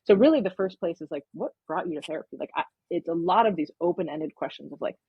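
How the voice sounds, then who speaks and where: A woman's voice: lowish voice, lively intonation, fast, gravelly, slightly rough, no echo, dull audio. A woman, a counseling intern, talking in a casual podcast interview, explaining at length with many verbal fillers.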